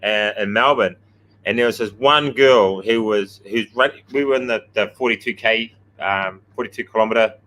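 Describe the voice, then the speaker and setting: A man's voice: on the low side, moderate pace, fairly bright tone, rough recording. A man, co-hosting a casual gym chat show, blunt and swearing, telling stories with a self-mocking edge. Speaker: podcast co-host, gym coach.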